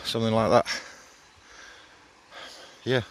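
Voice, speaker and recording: A man's voice: lowish voice, fairly even intonation, slow, slight background noise. A man in his fifties with a Yorkshire accent, chatting casually and a bit out of breath while walking his dog in hilly countryside. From England. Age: 50s. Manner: chatty, rambling, swears casually.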